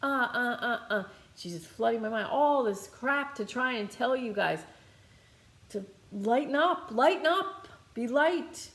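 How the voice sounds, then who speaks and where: A woman with a slightly high, animated and somewhat bright voice guides a healing meditation with channeling, taking it a little slowly. As a meditation teacher she keeps things loose and rambling, with lots of fillers and restarts, and the recording has a roomy sound.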